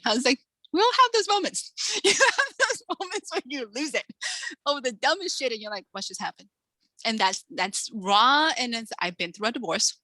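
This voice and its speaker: A woman in her forties, an author, chatting in an interview and acting out quotes from her stories with lively energy. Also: mid-range voice, no echo, rough recording. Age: 40s. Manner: animated storyteller acting out quotes. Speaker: author, guest. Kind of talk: casual interview chat.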